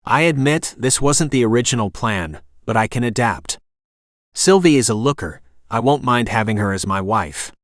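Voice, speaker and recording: A man's voice: medium pitch, expressive, normal speed, no echo, studio quality, lightly acted. Max: a man voicing a leering villain. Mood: taunting. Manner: leering, taunting. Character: threatening male rancher villain, smirking.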